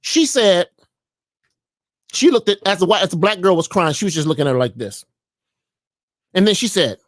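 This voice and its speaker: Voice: medium pitch, normal speed, long pauses, no echo, studio quality. A vlogger ranting in a preachy, mocking way, often asking the audience questions. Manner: animated, preachy, mocking, jumps between voices. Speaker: commentary vlogger. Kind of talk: ranting commentary vlog.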